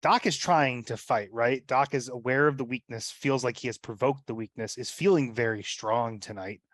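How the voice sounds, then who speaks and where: A man at mid pitch explains his character's moves to the game master, rambling and filling his sentences with "like" and "right?". The recording is dry and close, with no room sound. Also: normal speed, fairly bright tone, dry recording. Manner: rambling, with many fillers like "like" and "right?". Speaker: player. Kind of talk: casual chat describing his character's actions.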